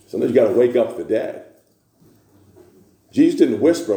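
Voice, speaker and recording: A man preaching a sermon in a church, building to repeated shouted refrains. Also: medium pitch, lively intonation, moderate pace, roomy sound.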